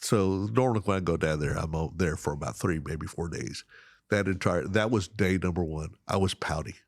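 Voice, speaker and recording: A middle-aged man telling fishing stories in casual chat, animated and laughing often, acting out the other people in them. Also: low voice, a little fast, no echo, studio quality. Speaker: guest. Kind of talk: casual storytelling.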